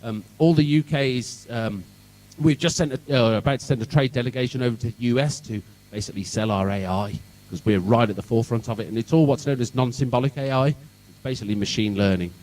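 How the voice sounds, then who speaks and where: A man with a Birmingham accent gives a conference talk that is loud with jokes and swearing, sarcastic and irreverent. His voice sits at an ordinary middle pitch. He is heard from some distance off the mic in a hall. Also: quick pace. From England, Birmingham. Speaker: conference speaker. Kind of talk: sweary comic tech talk. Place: event hall.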